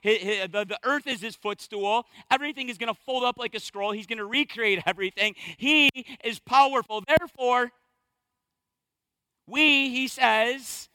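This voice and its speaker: A man's voice: extremely high pitch, moderate pace, bright, forceful tone, no echo. A man preaching a sermon as pastor, emphatic and conversational, repeating phrases for stress.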